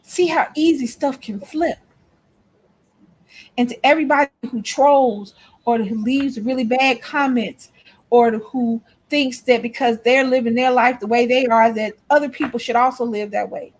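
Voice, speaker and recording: A woman with a high voice talks in a relaxed, casual way. She tells stories and drives her points home with emphasis, speaking straight to her listeners. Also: normal speed. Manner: storytelling, emphatic, lectures trolls. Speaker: co-host. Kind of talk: casual chat.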